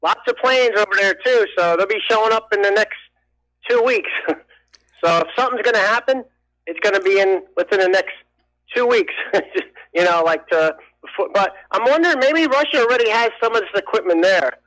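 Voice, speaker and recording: A man's voice: high-pitched, animated, brisk, fairly bright tone. A man from New Jersey calling in to a radio show, chatting and speculating. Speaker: radio caller. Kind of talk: phone-in call. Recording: tinny phone line.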